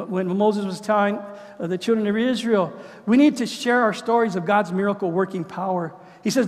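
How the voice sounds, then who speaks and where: A middle-aged man preaching a sermon in an earnest way, often repeating words as he builds his point. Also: high voice. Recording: long hall reverb.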